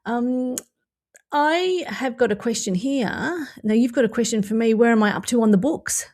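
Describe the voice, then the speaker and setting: A woman's voice: a little high, expressive, normal speed, darkish tone. A woman with an Australian accent hosting a podcast, chatting enthusiastically and laughing often. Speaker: podcast host. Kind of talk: casual chat.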